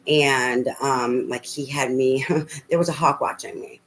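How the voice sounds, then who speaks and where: A woman's voice: rumbling low, steady tone, measured pace, slight background noise, poor audio. A middle-aged woman telling a rambling personal story as a tarot reader, full of fillers and casual swearing.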